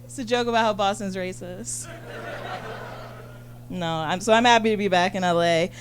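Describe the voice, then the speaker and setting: Woman comedian, stand-up set, bubbly chatty delivery, club stage, faint hum behind. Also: medium pitch. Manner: chatty, bubbly, lots of fillers and quick asides.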